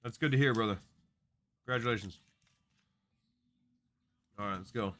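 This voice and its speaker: A man's voice: on the low side, moderate pace, fairly bright tone. A man hosting a live card break stream, chatting casually and rattling off player names as he opens packs.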